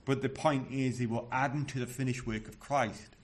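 A man's voice: medium pitch, fairly even intonation, normal speed. A man preaching a sermon in an earnest, emphatic way, often restarting his words.

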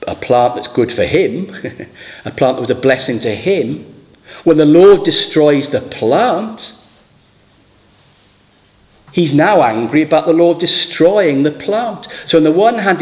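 A man's voice: on the high side, darkish tone. A man preaching a sermon, asking rhetorical questions and voicing scripture dramatically.

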